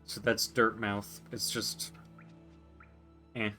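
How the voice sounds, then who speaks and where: A man's voice: fairly low pitch, flat delivery, slow, bright, forceful tone, soft background music. A man streaming a game, musing to himself in casual commentary and reading on-screen text aloud.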